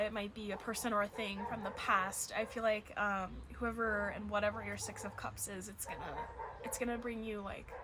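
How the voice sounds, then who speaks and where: A woman's voice: fairly high pitch, background noise. A woman giving a casual tarot reading to camera, emotional and gushing, close to tears at times, with dogs barking in the background. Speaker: tarot reader.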